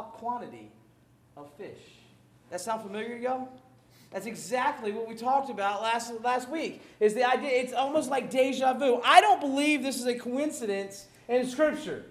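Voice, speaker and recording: A pastor delivers a sermon at a moderate pace in a very high, light voice, animated and jokey, acting out scenes from the Bible. The room around him adds echo to his voice.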